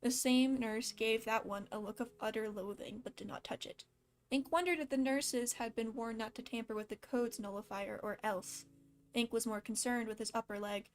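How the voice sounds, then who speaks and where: A woman casually reading a fan story aloud with a slight lisp, stopping now and then to laugh and comment. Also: on the high side. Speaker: fan fiction reader.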